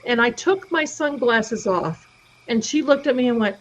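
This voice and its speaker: In dull, lo-fi stream audio, a middle-aged female livestream host tells stories in a relaxed, chatty way. Her voice sits on the high side and is expressive at a moderate pace, and she performs the voices of anyone she quotes.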